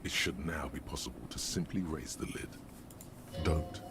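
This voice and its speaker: A deep, brooding inner voice. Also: male voice, a crowd in the background. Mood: ominous. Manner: measured, often half-whispered. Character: the detective's brooding inner voice, male, wry and ominous. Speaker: game's inner-voice narrator. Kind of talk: scripted video game narration. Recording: game audio with noisy ambience.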